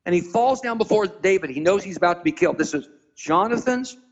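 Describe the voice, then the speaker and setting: A man preaching as a guest, retelling a Bible story dramatically and acting out the characters with sudden high-pitched voices. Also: expressive, highs cut off. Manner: spells out and stresses Hebrew words slowly. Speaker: pastor being interviewed.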